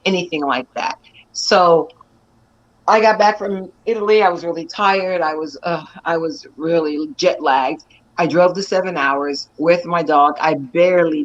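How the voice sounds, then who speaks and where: An actress and stunt performer telling stories with animated energy and frequent laughter during an interview. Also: female voice, deep voice, lo-fi sound. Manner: animated, laughs often, lively storytelling. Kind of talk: excited storytelling in an interview.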